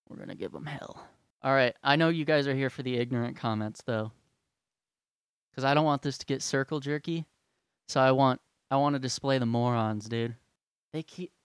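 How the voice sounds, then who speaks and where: A man's voice: mid-range voice, clear, resonant tone, dry recording, studio quality. A young man ranting, heated, profane and sarcastic. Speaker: vlogger. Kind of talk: angry rant.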